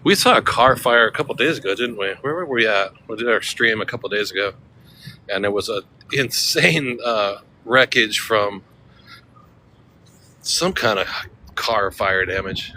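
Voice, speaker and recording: A man from Central California talks loosely on a walking livestream, rambling from one thought to the next and chuckling at his own jokes. His voice is bright and clear, with a little faint street noise behind him outdoors. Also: fairly low pitch, moderate pace, low-quality recording. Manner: joking, rambling, chuckling often. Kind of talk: casual walking livestream chat.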